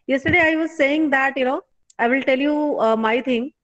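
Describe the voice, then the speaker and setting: A woman's voice: sits high, moderate pace, fairly bright tone, dull audio. A woman in her forties from Bihar with an Indian English accent, giving an online class as a professor. She talks conversationally, fills with "you know", and checks in with students. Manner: conversational, many "you know" fillers, asks students questions.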